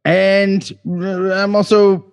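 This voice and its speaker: A man's voice: sits high, little pitch movement, extremely slow, vocal fry, clear, resonant tone. A man co-hosting a comedy podcast, drunk and slurring, cursing and stammering as he rambles through his points. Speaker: podcast co-host. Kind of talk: casual comedic podcast chat.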